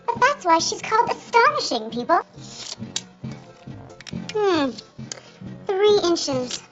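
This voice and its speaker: A woman's voice: extremely high pitch, sing-song, slow, exaggerated voice. An actress playing a mischievous woman who teases and punishes a man who harasses women, in a film. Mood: teasing. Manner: teasing, playful, taunting. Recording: dull film soundtrack with music.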